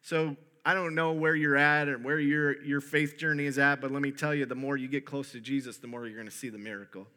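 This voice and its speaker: A male pastor giving a conversational, animated sermon, often restarting his sentences. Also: medium pitch, brisk, few pauses.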